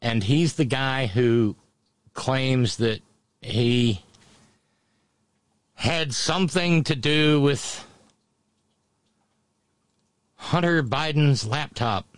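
A man hosting a show, giving mocking commentary on audio clips with sudden high exclamations. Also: drawn-out words, long pauses, clean tone, no room sound. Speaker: show host. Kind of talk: sarcastic commentary over played audio.

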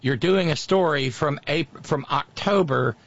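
A man's voice: a little high, measured pace, lo-fi sound. A man hosting a podcast, giving sarcastic, mocking commentary in casual chat. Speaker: podcast host.

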